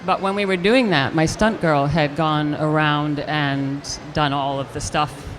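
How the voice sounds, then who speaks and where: An older woman, an actress, telling a lively anecdote in an interview, acting out the quotes as she goes. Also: sits low, a little slow, slight background noise. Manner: animated storyteller acting out quotes with restarts. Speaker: actress guest.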